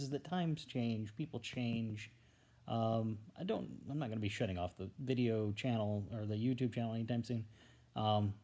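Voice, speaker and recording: A man's voice: mid-range voice, dark tone. A man talking alone into a handheld tablet camera in a rambling, casual vlog. He is hesitant and stammers, with many fillers and trailing thoughts. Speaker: vlogger. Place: alone at home, indoors. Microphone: tablet held at arm's length.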